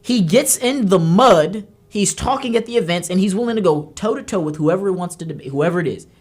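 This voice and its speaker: Fired-up scolding woman with a husky voice. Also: mid-range voice, lively intonation, a little fast, a little mellow. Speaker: political talk show host. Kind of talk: heated political commentary. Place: studio.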